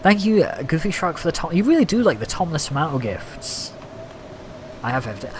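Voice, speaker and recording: A man's voice: a little high, brisk, slight background noise. A young man chatting casually on a gaming livestream, thanking viewers and reacting to the game. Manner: chatty, reads out gift thanks, animated. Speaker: streamer.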